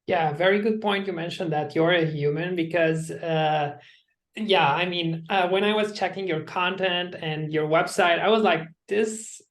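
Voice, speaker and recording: A man's voice: sits high, fairly even intonation, normal speed, a bit bright. A man hosting an interview, asking questions in hesitant, filler-heavy phrasing. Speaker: podcast host.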